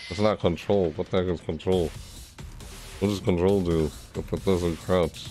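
A deep-voiced man streams a game, chattering casually to himself and yelping whenever things go wrong. Game music plays loudly under his voice. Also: moderate pace. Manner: excitable, yelps and self-talk. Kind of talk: casual gameplay commentary.

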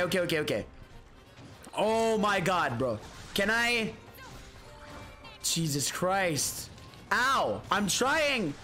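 A high-voiced man commentating his own gameplay in an excitable rush, swearing and tossing "bro" into nearly every line. His pitch leaps around constantly. Faint music plays underneath. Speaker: gaming streamer. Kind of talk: excited let's-play commentary.

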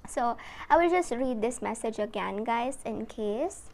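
A woman giving a casual tarot reading, talking gently and emotionally to her viewers. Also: on the high side, lively intonation, measured pace, a little hiss or hum. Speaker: tarot reader.

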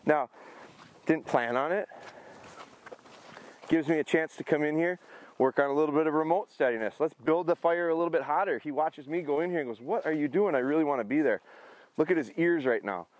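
A middle-aged man training a hunting dog outdoors, explaining his approach in a relaxed way between short commands. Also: fairly quick, long pauses, no room sound. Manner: high excited praise to the dog. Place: outdoors in a field.

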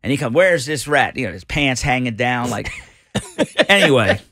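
A middle-aged man telling an animated story on a radio show, acting out the voices of the people in it. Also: medium pitch, normal speed. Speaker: radio host guest. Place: radio studio.

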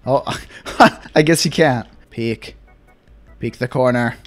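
A young man giving casual gameplay commentary, excitable and sarcastic, swinging between mock despair and glee. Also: medium pitch, slow, pauses often, faint music behind. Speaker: gaming YouTuber.

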